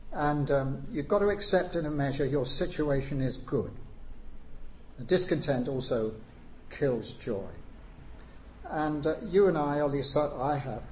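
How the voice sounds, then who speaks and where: A man preaching a sermon, unhurried, with frequent pauses and rising emphasis on key phrases. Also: mid-range voice, a little mellow, slight background noise.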